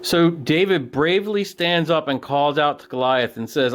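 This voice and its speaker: A children's ministry teacher telling a Bible story to children in a casual, plain-spoken and animated way. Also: male voice, on the high side, normal speed, slight background noise.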